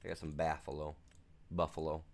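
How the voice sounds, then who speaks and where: A man's voice: extremely low pitch, flat delivery, brisk, darkish tone. A man streaming a farming game, chatting casually in a laid-back, rambling, slangy way. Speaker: gaming streamer. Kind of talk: casual chat while gaming.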